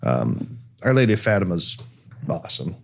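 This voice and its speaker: A man's voice: low voice, big pitch swings, moderate pace, vocal fry. A man from Cleveland hosting a casual talk show, telling a story with lots of fillers and restarts. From Cleveland, USA. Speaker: podcast host. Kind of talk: casual chat.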